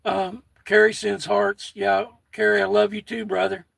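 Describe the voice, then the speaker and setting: A man's voice: high voice, completely flat delivery, normal speed, vocal fry, no echo. An older American man with a folksy manner, chatting casually on his own livestream and reading out viewer comments. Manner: folksy, reads out viewer comments, warm toward chat. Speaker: livestream host.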